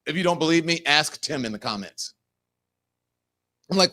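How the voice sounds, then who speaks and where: A middle-aged male host tells a story in a casual, animated monologue. His voice sits a little high for a man, and he acts out the voices of the people he quotes. He swears freely and talks like he is chatting with his audience. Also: normal speed. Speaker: show host.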